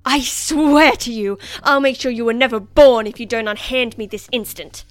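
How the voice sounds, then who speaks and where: A woman's voice: medium pitch, steady tone, moderate pace, fairly bright tone, no room sound, faint music behind, close to an everyday voice. Haughty, defiant young lady with an imperious tone, voiced by a woman narrator. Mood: furious. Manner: indignant, imperious.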